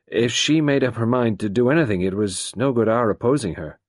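A man voicing a nervous, irritable young man who speaks hesitantly with halting pauses and turns curt. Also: mid-range voice, no echo, studio quality, voice pushed up, natural voice. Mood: irritated.

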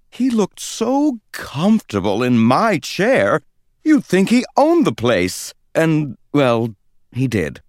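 A man narrating a children's storybook in the first person, with an expressive, sing-song delivery. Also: medium pitch, no echo, clean studio sound. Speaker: audiobook narrator.

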